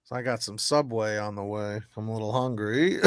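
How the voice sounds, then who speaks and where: A young man hosting a casual tarot livestream, telling animated stories with big swings in pitch and volume. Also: measured pace, no room sound, clean studio sound. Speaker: tarot reader, stream host.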